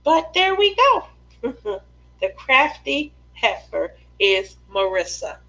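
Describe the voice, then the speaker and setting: A woman's voice: high-pitched, very animated, takes it slowly, bright, forceful tone, muffled recording. A craft channel host, a woman, chatting casually on a live stream and reading viewer comments, giggly and laughing often.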